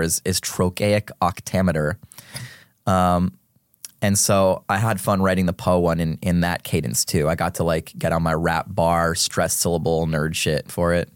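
A man in his thirties, a guest rapper in a casual podcast interview, explaining things in an animated, nerdy, theatrical way. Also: low voice, smooth, no room sound, clean studio sound.

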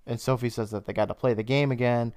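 Smooth-voiced man recapping a show. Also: fairly even intonation, a little mellow, no echo, clean studio sound. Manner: retelling a plot with laughs and quick bursts of high mock voices. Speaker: podcast co-host. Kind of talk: casual recap chat.

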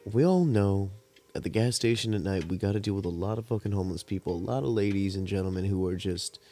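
A young man hosting a podcast, telling stories in a rambling, laid-back, profane way while high, with cotton mouth. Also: a little mellow. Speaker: podcast host. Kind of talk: casual storytelling monologue.

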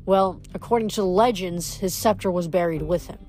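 A woman reading the lines of an earnest, steady young male demigod leader who explains things patiently, in a storybook reading. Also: fairly low pitch, fairly quick, faint music behind, natural voice.

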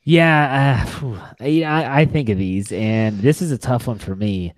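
A man's voice: mid-range voice, measured pace, dry recording. A young man co-hosting a podcast, rambling and enthusiastic as he talks about sports movies, often restarting his sentences. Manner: rambling, self-correcting, enthusiastic. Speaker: podcast co-host. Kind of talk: casual sports movie chat.

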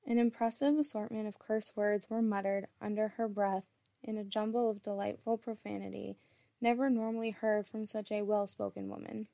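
A woman storyteller reading an erotic story in a steady, intimate way. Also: mid-range voice, moderate pace, gravelly, no echo.

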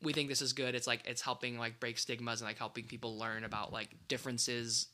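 A young man chatting on a podcast with a very bright, forward voice. He rambles along, restarting his sentences and padding them with fillers. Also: medium pitch, little pitch movement, a little fast, slight background noise. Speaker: podcast co-host. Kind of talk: casual chat.

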